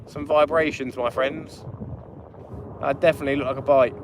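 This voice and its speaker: Speaking at normal speed with a steady tone, a man with a mid-range voice hosts a live fishing stream at night from a small inflatable boat. The fishing channel host chats and greets viewers by name. The open boat picks up wind noise, with wind and water behind him.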